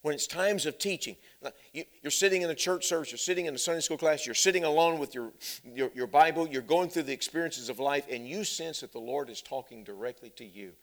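A man preaching a sermon who drops to hushed, low passages and then climbs into loud, emphatic runs of repeated phrases. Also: a little fast. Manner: builds with repeated parallel phrases.

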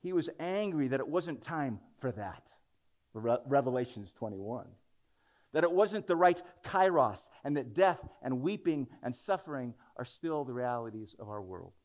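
Man, preacher, sermon, conversational tone, dramatic scripture reading, mid-pitched voice. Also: lively intonation, moderate pace, a little mellow.

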